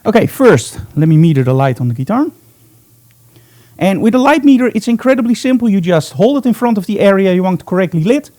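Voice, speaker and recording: Guy teaching a live studio photo shoot, high-ish lively voice, kinda mellow, chatty. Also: a little fast. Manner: chatty and upbeat, thinking aloud while working. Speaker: photography instructor.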